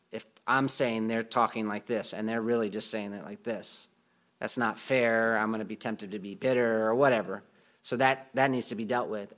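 A man giving a casual Bible teaching talk, often restarting his sentences with ums and light laughs. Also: mid-range voice.

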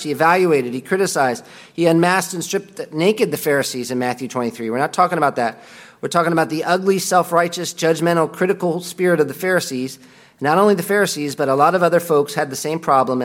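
A man teaching a Bible class in a conversational way, reading quotations aloud and commenting on them. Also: a little high.

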